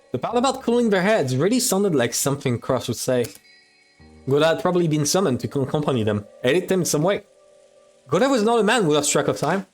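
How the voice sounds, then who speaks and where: A man streaming himself reading a visual novel aloud, switching between narration and casual, swearing commentary. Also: fairly high pitch.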